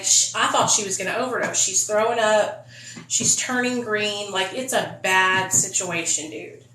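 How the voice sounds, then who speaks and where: A young woman rattles off a wild storytime vlog, cursing freely and acting out every line of dialogue. Her voice is bright and sharp, and it sits a little back from the mic in an echoey room with a faint hiss underneath. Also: medium pitch, recorded from a distance. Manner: animated, profane storytelling with quoted dialogue. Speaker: vlogger.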